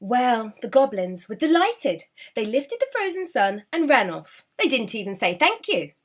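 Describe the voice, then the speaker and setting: A woman reading a children's storybook aloud with an expressive, animated delivery. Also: a little high, unhurried.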